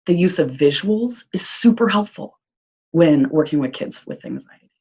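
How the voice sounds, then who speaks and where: In a dull lo-fi recording, a woman who works as an early childhood social worker gives an upbeat, encouraging presentation to parents. Her fairly low, darkish voice has a breathy edge and an animated lilt at a moderate pace. She's chatty, uses fillers, and speaks with a Midwestern American accent.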